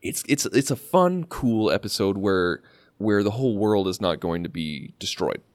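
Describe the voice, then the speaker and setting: A man's voice: fairly low pitch, expressive, moderate pace, no room sound. A man co-hosting a podcast in casual chat, rambling with fillers and restarts. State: slight cough. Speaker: podcast co-host.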